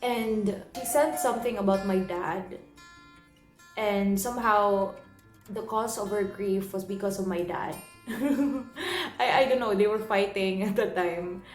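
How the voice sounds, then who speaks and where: A woman's voice: mid-range voice, a little slow. A young woman telling a personal story in an earnest, emotional way, often repeating and restarting her phrases. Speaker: vlogger. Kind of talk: personal confessional vlog. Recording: roomy echo, soft guitar music underneath.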